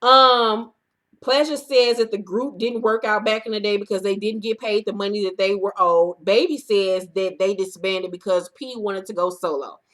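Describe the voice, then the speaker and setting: A woman recapping a reality TV episode in casual, profane commentary, acting out the cast in loud bursts. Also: medium pitch, moderate pace.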